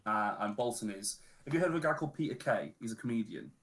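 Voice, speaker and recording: A man's voice: fairly low pitch, expressive, fast, fairly bright tone. Chatty Lancashire man with local slang. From Northern England. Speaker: podcast guest. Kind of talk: casual chat on a charity stream.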